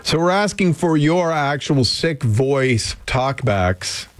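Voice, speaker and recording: Male radio host, chatty, opinionated, unhurried delivery, dry studio sound. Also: on the high side, expressive, no room sound. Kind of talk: casual talk radio chat.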